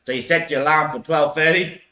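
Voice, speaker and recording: A man doing a boss figure who explains shift rules with calm patience. The voice is bright and sits in an echoey room. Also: fairly high pitch, quick pace. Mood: patient.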